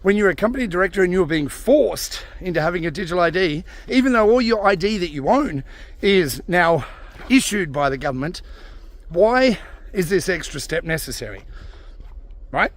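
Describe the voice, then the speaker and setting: A man's voice: high voice, lively intonation, moderate pace. A man ranting in a vlog, angry and swearing, with frequent sighs. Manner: angry, sighing, swearing rant. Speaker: vlogger. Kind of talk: ranting commentary.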